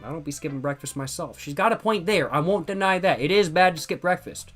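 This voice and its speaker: A man giving loud, joking, profane commentary as a gaming streamer playing a game. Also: fairly high pitch, animated, a little fast, soft background music. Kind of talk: casual let's-play commentary.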